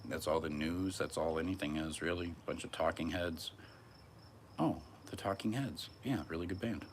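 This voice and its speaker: A man's voice: a bass voice, fairly even intonation, a little fast, a little hiss or hum. A man in his thirties rambling through a profane, musing solo live stream outdoors on a hot day. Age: 30s. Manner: musing, profane, wandering monologue.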